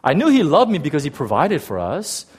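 A man's voice: fairly high pitch, brisk, slightly rough. A middle-aged male pastor telling a personal story in a sermon, acting out voices and often stammering into restarts. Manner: animated, acts out quotes, frequent stammered restarts.

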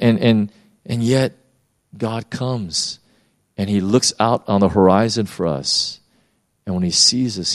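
A man delivering a sermon with a somewhat low voice. He preaches in an animated, informal way, often restarting sentences and using many fillers. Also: no echo, studio quality. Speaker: pastor.

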